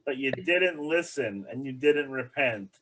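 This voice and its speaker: A man's voice: medium pitch, lively intonation, unhurried, a bit bright, slight background noise, rough recording. A man voicing God as a grieving, reproachful figure, speaking in a lamenting, exasperated and chatty way.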